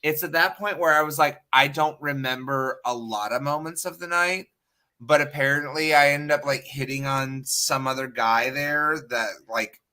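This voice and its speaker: Bright-voiced animated man. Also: mid-range voice, normal speed, clear, resonant tone. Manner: animated, exclaiming. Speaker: podcast co-host. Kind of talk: casual chat.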